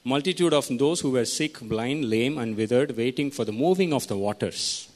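A man delivers a teaching sermon at a mid pitch. He reads through scripture, tells his listeners which words to underline and keeps putting questions to them. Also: animated, moderate pace, a little mellow. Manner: teaching, asks the congregation questions. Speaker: preacher.

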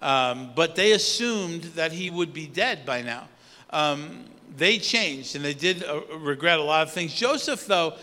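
A man preaching a sermon in a conversational, halting way, with many fillers and restarts. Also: fairly high pitch, bright, forceful tone. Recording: long hall reverb.

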